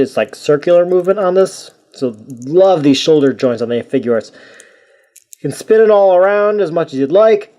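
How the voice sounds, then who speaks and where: A man's voice: on the high side, mellow. A man giving a casual toy review, rambling and joking at his own expense. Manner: rambling, jokey and self-mocking.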